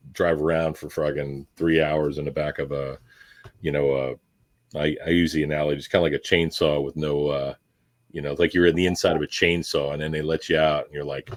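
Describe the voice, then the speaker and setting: A man's voice: very deep voice, fairly even intonation, brisk. A former Marine man hosting a casual chat, reminiscing in a rambling, profane, reflective way. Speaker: podcast host, former Marine.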